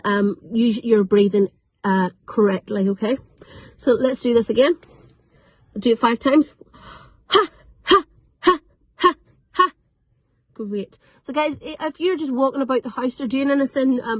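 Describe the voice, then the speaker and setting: A young woman, teaching children an online vocal warm-up class in an upbeat, encouraging way. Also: fairly high pitch, no room sound, poor audio. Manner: upbeat, encouraging, repeats drills slowly. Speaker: drama teacher. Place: at home.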